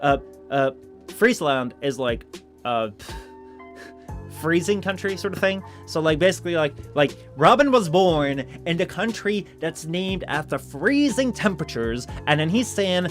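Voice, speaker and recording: A man's voice: on the high side, expressive, a little slow. A young man, streaming a video game in casual, rambling chat full of jokes, and sometimes reading the game text aloud. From Netherlands. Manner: rambling and joking, lots of 'like' and 'dude', reads game text aloud. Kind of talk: casual gaming commentary. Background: soft background music.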